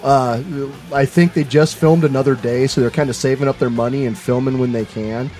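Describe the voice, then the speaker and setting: A man's voice: mid-range voice, steady tone, fairly quick, mellow, faint music behind. A man co-hosting a casual podcast, rambling through plugs with many filler sounds. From Seattle area. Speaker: podcast co-host.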